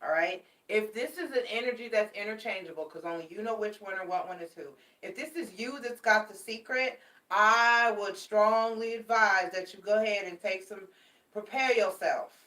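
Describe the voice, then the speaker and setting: A woman's voice: medium pitch, normal speed, sharp tone, recorded from a distance. A woman giving a casual tarot reading, chatty and affectionate, repeating her warnings for emphasis and calling her viewers babies. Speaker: tarot card reader. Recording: echoey room, mic set back.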